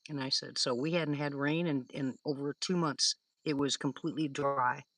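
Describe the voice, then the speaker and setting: A woman's voice: very deep voice, fairly even intonation, moderate pace, fairly bright tone, no echo. An older woman hosting a live stream, rambling through stories in casual chat with her viewers, laughing often. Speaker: livestream host.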